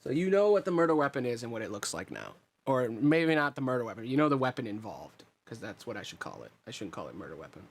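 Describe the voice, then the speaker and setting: A man runs a tabletop game, narrating events in an easygoing, wandering way. His voice sits at an ordinary middle pitch, and he pauses often to pick his words. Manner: relaxed, meandering narration with fillers. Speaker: game master.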